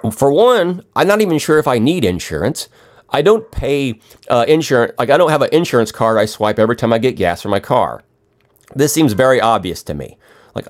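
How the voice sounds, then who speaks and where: Crude, rambling man ranting. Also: fairly low pitch. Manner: crude, sarcastic, rambling with restarts. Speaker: podcast ranter. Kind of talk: profane comedic rant.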